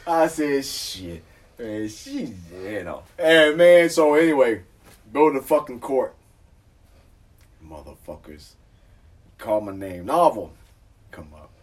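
A man with a husky voice tells a story in casual talk, swearing freely and jumping high and loud whenever he acts out the other people in it. He sounds a little distant from the mic. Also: big pitch swings, slow, long pauses.

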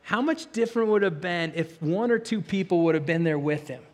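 High-voiced man preaching in an echoing hall. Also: a little fast. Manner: earnest, animated storyteller with stammered restarts. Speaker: pastor. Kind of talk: sermon with storytelling and prayer. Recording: long reverb of a large hall.

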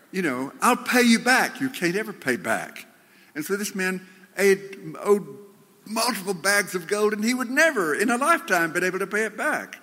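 Animated preacher, bright voice, echoey hall. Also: male voice. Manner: animated storytelling, drops to low earnest tone. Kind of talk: sermon.

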